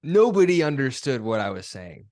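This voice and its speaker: A young man hosting a podcast, talking casually in a relaxed, rambling, self-deprecating way. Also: medium pitch, normal speed, no echo, clean studio sound. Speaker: podcast host. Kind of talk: casual chat.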